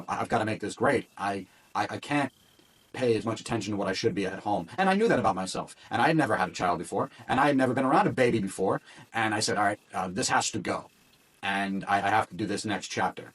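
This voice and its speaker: Man, wrestling announcer guest, rapid animated storytelling, acts out quotes, set back from the mic. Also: lowish voice, recorded from a distance. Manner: animated storytelling with quick restarts and acted-out quotes. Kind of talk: casual storytelling interview.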